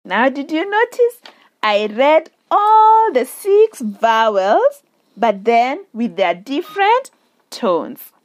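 A woman teaching beginners a language lesson at a very slow, careful pace. Her voice sits a little high and moves up and down a lot as she stretches sounds out to demonstrate them. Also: sing-song. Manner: slow and deliberate, drawing out vowels and tones for demonstration.

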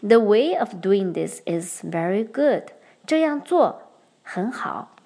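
A young woman hosting a podcast lesson, explaining Chinese patterns clearly and switching between English and Mandarin. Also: medium pitch, very animated, slow, mellow. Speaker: podcast host and Chinese teacher. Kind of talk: bilingual language lesson.

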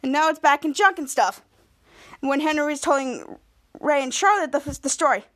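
A woman podcast host retells a TV episode in a rambling, storytelling way. She often restarts her sentences, and her voice is high. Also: animated, moderate pace, background noise.

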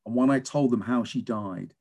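A British man, a teacher and guest, telling lively stories in a conversational interview. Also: medium pitch, moderate pace. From England. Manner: animated storyteller, lively and emphatic.

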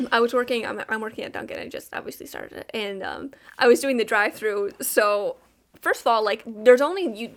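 Chatty young woman, slightly high voice. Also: sing-song. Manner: rambling storyteller, quick restarts and fillers. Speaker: podcast co-host. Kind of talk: casual chat.

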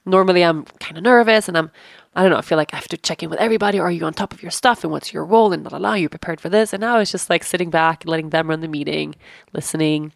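A woman's voice: lowish voice, very fast, gravelly, dry recording, studio quality. A woman hosting a podcast, chatting casually with her husband, laughing often and swearing casually. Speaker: podcast host. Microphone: studio podcast mic.

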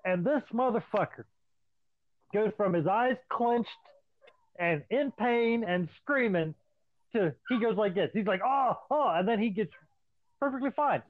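A man telling profane wrestling stories in casual chat, acting out the voices of the people in them. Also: very high-pitched. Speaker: podcast co-host, former wrestler. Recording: dry, tinny phone-like sound.

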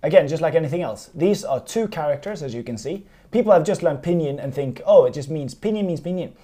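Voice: medium pitch, animated, quick pace, warm tone. A teacher giving a casual spoken lesson, chatty and digressive, laughing easily. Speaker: language teacher.

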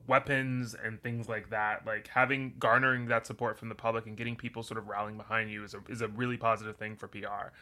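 Bright-voiced chatty man. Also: mid-range voice. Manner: chatty, acts out characters in quotes. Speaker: podcast co-host. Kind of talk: casual movie chat.

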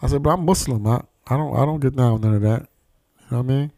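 Man: dark-voiced streetwise storyteller. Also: mid-range voice, fast talker, creaky, no room sound. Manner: streetwise, profane, animated storytelling, acting out quoted voices. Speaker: podcast host. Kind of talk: casual conversation, storytelling.

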